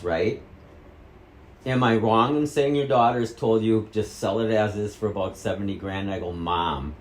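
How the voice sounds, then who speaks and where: A man's voice: lowish voice, a little hiss or hum. A middle-aged man from Wisconsin angrily interrogating his mother, repeating questions and swearing heavily. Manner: angry, repetitive interrogating, heavy swearing. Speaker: vlogger confronting his mother. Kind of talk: heated family argument. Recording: echoey room.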